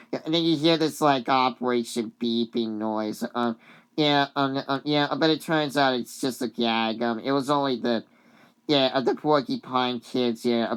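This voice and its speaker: Very low-voiced, slow rambling woman. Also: clear, resonant tone. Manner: rambling with many fillers and giggles. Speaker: vlogger. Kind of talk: casual cartoon recap.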